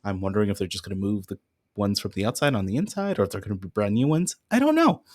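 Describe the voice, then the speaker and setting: A man co-hosting a casual podcast, relaxed and chuckling as he runs through event details. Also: lowish voice, very fast, no room sound, clean studio sound. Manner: laid-back, chuckling, reads event details. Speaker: podcast co-host. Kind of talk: casual chat.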